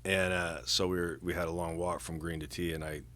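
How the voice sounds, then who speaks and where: Deep-voiced rambling podcast dad. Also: male voice, little pitch movement, brisk, pushed and bright. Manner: rambling, lots of fillers, teasing. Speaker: podcast co-host. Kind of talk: casual chat.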